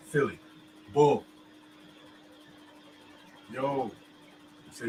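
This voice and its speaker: A man's voice: medium pitch, moderate pace, a bit bright, poor audio. Man in casual chat, talks loosely, lots of fillers and "you understand?", faint background hum. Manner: loose, filler-heavy explaining, keeps checking "you understand me?".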